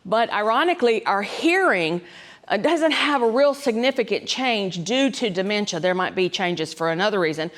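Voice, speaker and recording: A woman's voice: mid-range voice, expressive, moderate pace, fairly bright tone. A woman, a dementia specialist giving a folksy, conversational talk to caregivers, often checking in with "right?". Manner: conversational, folksy, frequent ums and asides, keeps checking in with "right?".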